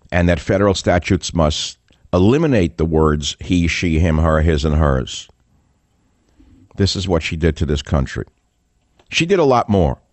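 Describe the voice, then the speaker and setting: Combative deep-voiced older male host. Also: dry recording. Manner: combative, scornful, repetitive emphasis. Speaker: talk radio host. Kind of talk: opinionated political monologue.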